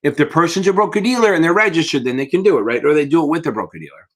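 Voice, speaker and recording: On a live Q&A stream, a man tutors securities-exam students in a casual way, blunt, profane, and yawning with tiredness as he calls viewers baby. His voice is a little high and fairly bright, with lively intonation and a very fast pace.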